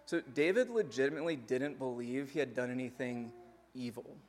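A man's voice: medium pitch, brisk, a little hiss or hum. Young guy pastor preaching, chatty, lays out points one by one. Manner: conversational teaching with numbered points and lively asides. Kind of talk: sermon.

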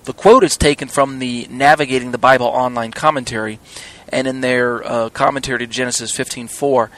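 A man giving a recorded Torah teaching, who often pauses with fillers and restarts and spells words out letter by letter. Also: medium pitch, steady tone, fairly bright tone.

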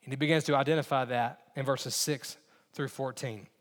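A man's voice: medium pitch, fairly even intonation, moderate pace, a bit bright, long reverb tail. A man preaching a sermon as pastor, earnest and emphatic, repeating key phrases for weight. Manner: earnest, repetitive emphasis, mimics others in asides.

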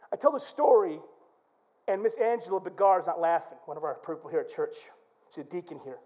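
Animated high-voiced pastor preaching. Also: male voice, quick pace. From Michigan. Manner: animated storytelling, acts out quotes and shouts. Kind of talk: sermon. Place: church.

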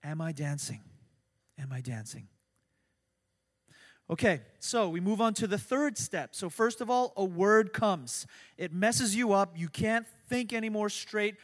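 A middle-aged man preaching a sermon as pastor, swinging from soft, low asides to loud, urgent emphasis. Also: measured pace. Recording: long hall reverb.

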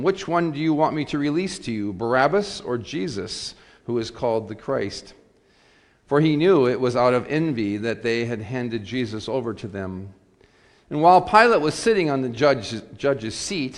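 A pastor leading worship, reading scripture and a prayer with a measured, deliberate cadence in a church sanctuary. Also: male voice, mid-range voice. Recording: long reverb of a church sanctuary.

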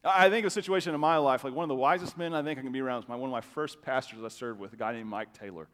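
In a church sanctuary with long hall reverb, a pastor with a mid-range voice preaches to his congregation. His delivery is loose, conversational and animated, full of quick, stammered restarts.

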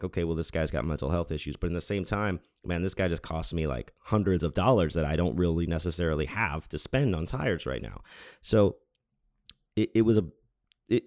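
A man with a very low, deep voice tells a long personal story in a loose, rambling way. He keeps restarting his sentences, leans on fillers, and swears casually. The recording is close and dry. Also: dry recording. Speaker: podcast host.

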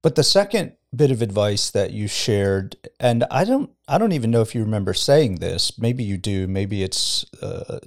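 In a casual studio podcast, a middle-aged pastor reflects aloud and keeps chuckling through his stories. He speaks in a lowish, very animated voice at a moderate clip, hardly pausing at all.

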